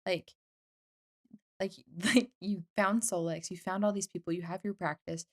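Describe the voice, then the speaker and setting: A woman's voice: fairly low pitch, steady tone, normal speed. A woman hosting a podcast, asking questions eagerly in casual chat, using lots of "like" fillers. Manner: warm, enthusiastic, lots of "like" fillers. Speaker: podcast host.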